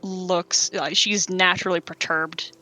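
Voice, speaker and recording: Bright-voiced rambling game master. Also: mid-range voice, little pitch movement, a little slow, soft background music. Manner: rambling, full of fillers and restarts. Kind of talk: narrating a tabletop game.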